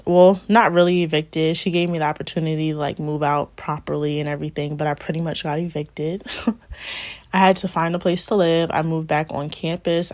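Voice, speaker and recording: A woman in her twenties telling a storytime in a casual, chatty vlog and laughing often. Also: low voice. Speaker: beauty vlogger.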